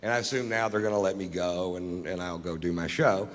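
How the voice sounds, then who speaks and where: A man doing stand-up, telling a story in a laid-back, profane, deadpan way with slow, dry pauses on a theater stage. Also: deep voice, big-room sound. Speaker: stand-up comedian.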